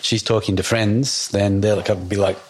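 A man speaks in a fairly low voice. He talks as a guest in a relaxed conversation. He is reflective and halting, and often pauses on fillers. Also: husky. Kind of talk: casual conversation.

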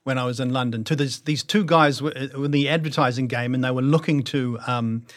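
A man's voice: mid-range voice, fairly quick. Reflective middle-aged New Zealand man. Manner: reflective, self-deprecating, many restarts. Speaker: actor guest. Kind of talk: casual interview chat.

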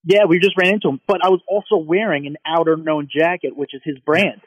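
A man co-hosting a podcast, gushing and excitable as he tells a story in casual chat. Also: a little high, slightly rough, no room sound, rough recording. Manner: excitable, gushing, quick anecdotes. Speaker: podcast co-host.

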